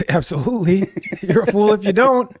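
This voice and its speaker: A man's voice: sits high, animated, normal speed, no echo. A man co-hosting a casual podcast chat for a fishing tackle shop, joking in a dry way.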